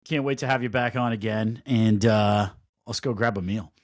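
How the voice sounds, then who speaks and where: A man's voice: lowish voice, normal speed. A man hosting a hockey podcast, enthusiastic and laughing as he wraps up. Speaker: podcast host. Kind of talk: casual chat.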